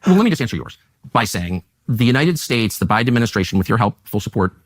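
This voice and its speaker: A man's voice: mid-range voice, very animated, fast. A middle-aged man interviewing in a heated debate, sardonic and pointed in his questions.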